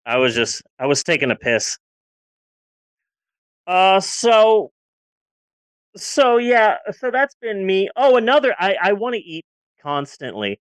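Woman in her forties, podcast host, candid and rambling, mid-pitched voice, dry close sound. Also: sing-song, takes it slowly, long pauses, dry recording. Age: 40s. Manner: candid, rambling, with frequent restarts. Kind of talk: casual podcast chat.

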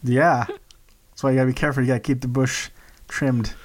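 A man's voice: mid-range voice, fairly even intonation, fairly quick. A man co-hosting a podcast, talking casually with a joking, teasing manner. He rambles through anecdotes with easy, loose delivery. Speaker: podcast co-host.

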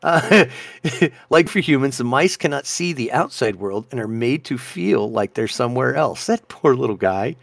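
A man co-hosting a casual podcast reads odd news stories aloud and reacts animatedly with plenty of laughter. His medium-pitched voice is creaky and moves at a moderate pace, with no echo.

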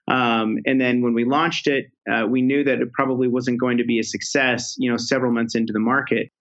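A man's voice: medium pitch, a bit bright. A man telling his career story as a podcast guest, with a loose, rambling way of talking full of fillers and restarts. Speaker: podcast guest, product executive. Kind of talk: conversational interview storytelling. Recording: slightly dull lo-fi audio.

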